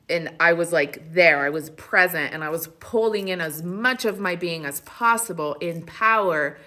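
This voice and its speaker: A woman hosting a spiritual livestream, talking casually in a blunt, animated way. She swears freely and laughs often. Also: low-pitched.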